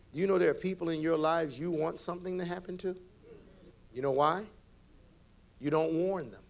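Gravelly provocative male pastor preaching. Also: a little high, a bit bright. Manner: provocative preaching, acting out quoted voices. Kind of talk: sermon.

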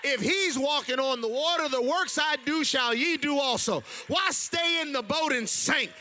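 A male preacher delivering a rousing call-and-response sermon, swinging from quiet to shouting. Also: very high voice, normal speed, slight background noise.

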